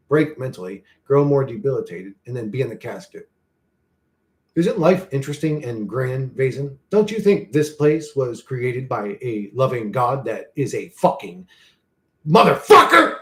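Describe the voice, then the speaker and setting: A young man ranting profanely on a live stream, reading chat aloud and swinging between loud outbursts and low mutters. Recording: echoey room.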